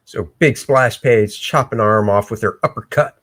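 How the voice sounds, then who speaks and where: A man hosting a casual livestream where he talks through his own comic pencils, excitable and breaking into shouts. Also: lowish voice, normal speed. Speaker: comic artist and show host. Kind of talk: casual livestream art commentary.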